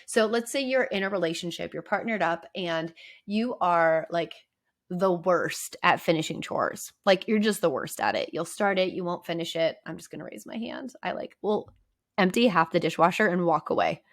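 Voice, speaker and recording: A woman's voice: on the low side, animated, moderate pace. A woman therapist talking candidly and conversationally on her podcast, with lots of "like" and "right?". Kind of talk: casual podcast monologue.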